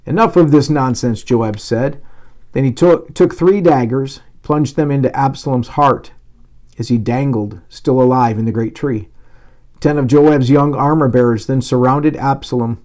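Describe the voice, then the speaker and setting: A male pastor reading a Bible passage aloud, giving the dialogue lively emphasis, with occasional slips and restarts. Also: medium pitch, unhurried.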